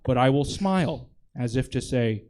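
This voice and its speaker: A man doing comedic improv on stage, reading oddly precise instructions in a deadpan way, often breaking into laughter. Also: medium pitch, moderate pace.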